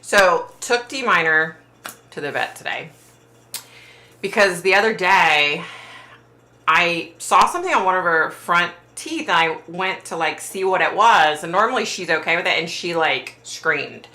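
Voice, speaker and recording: A woman hosts a casual livestream from home, responding to her viewers' chat in a chatty, sympathetic way and trailing off with fillers. Her low voice has a bright, forward edge, with lively intonation and an unhurried pace. The room sounds bare and echoey.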